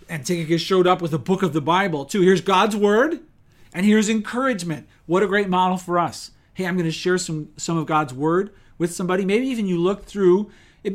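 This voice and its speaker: A male pastor delivering a sermon in an easy, conversational style. He asks the room rhetorical questions and slips into little acted-out quotes, keeping the message light and direct. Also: sits high.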